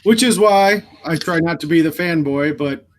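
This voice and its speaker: An American man co-hosting a live stream, talking in a relaxed, rambling way with a lot of ums. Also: on the high side, moderate pace, a crowd in the background. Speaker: podcast co-host. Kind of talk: casual live-stream chat.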